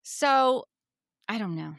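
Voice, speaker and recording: A woman's voice: fairly high pitch, slow, creaky, no echo, clean studio sound. A woman from New Jersey co-hosting a podcast, chatting casually and retelling reality-show scenes with a lot of repetition. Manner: chatty, repeats herself, animated retelling. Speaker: podcast co-host.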